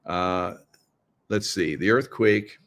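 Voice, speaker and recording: A man's voice: deep voice, slow pace, fairly bright tone, slight background noise. Chatty man riffing to his viewers. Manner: conspiratorial, joking asides, laughs at own lines; talks straight to viewers, asks them questions. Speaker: show host. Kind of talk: casual livestream monologue.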